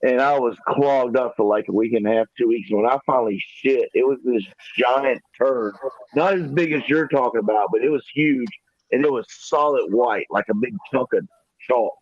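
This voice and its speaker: A man tells a crude story on a podcast, rambling and cursing as he stops and restarts his sentences. His voice sits at an ordinary middle pitch. The sound is dry and a bit dull, like a lo-fi mic. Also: no echo. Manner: rambling, profane, halting restarts. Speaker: podcast co-host. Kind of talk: casual storytelling.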